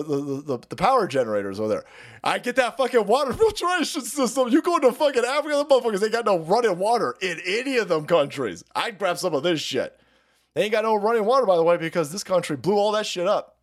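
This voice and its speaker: A male livestream host tears through the news in a loose, profane rant, sneering and laughing at his own lines. His voice leaps high and drops low from one phrase to the next, sitting a little above the usual male pitch. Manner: sarcastic, swears constantly, laughs mid-sentence. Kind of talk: profane ranting commentary.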